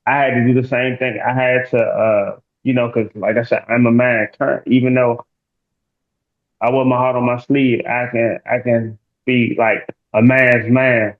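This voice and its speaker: A man guest in an interview, telling a personal story in an animated, playful way and acting out quoted lines. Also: mid-range voice, moderate pace. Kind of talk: candid conversational interview. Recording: echoey tinny phone-like line.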